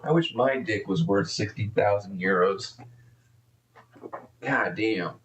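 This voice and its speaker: A man's voice: lowish voice, takes it slowly, a bit bright, reverberant, recorded from a distance, a little hiss or hum. A man live-streaming and commenting casually, profane and rambling, easily exasperated.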